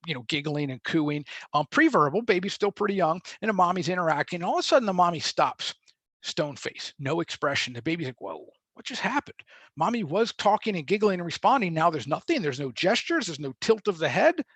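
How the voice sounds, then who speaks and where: A man with a fairly high voice gives a fast, chatty lecture and keeps moving through the material. The sound is dry and close, with almost no room around it. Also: fairly bright tone, breathy edge, dry recording. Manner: brisk, chatty, acts out babies' thoughts in quotes. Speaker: teacher. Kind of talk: classroom lecture.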